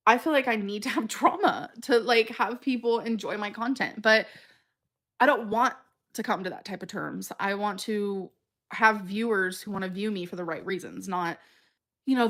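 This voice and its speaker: A woman's voice: mid-range voice, a bit bright. Rambling, emotional woman livestreamer. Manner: rambling, stumbling over words, filler-heavy; emotional and earnest. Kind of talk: casual livestream chat, reading comments.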